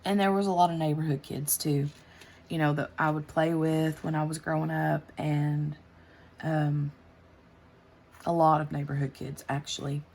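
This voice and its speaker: A woman's voice: sits low, little pitch movement, normal speed, creaky, darkish tone. A woman, chatting casually on her craft channel while she works, rambling with lots of fillers and restarts. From United States.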